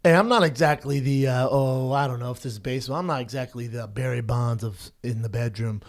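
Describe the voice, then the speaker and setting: A man in his thirties co-hosting a podcast, joking around in casual banter and acting out people in quick, animated voices. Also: medium pitch. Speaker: podcast co-host.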